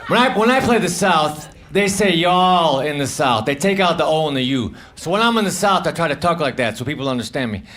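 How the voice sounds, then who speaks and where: A male stand-up comedian delivering one-liners on stage in a halting, deadpan way with self-deprecating asides. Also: fairly high pitch. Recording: noisy live show recording.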